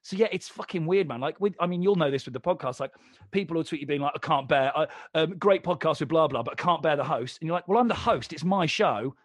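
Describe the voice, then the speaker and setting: A higher-voiced young man talks at a quick pace, telling animated, swear-heavy stories as a podcast guest and acting out both sides of conversations. He's a comedian and presenter in casual storytelling chat, recorded at studio quality with no echo.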